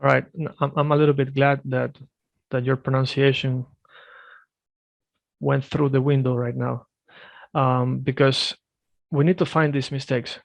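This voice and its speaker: A man with a gravelly voice teaches a one-on-one language lesson, correcting his student firmly. He drills each word slowly and repeats it. The sound is dry and close, as on a video call. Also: medium pitch, level tone, no room sound. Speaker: Swedish teacher.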